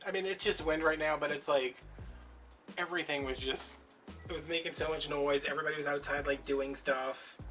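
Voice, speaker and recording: A man's voice: a little high, fairly even intonation, a little fast, fairly bright tone, soft background music. A man chatting casually while he makes a craft, telling stories and acting out the voices of people in them. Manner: chatty storyteller, acts out quoted voices. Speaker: crafting vlogger.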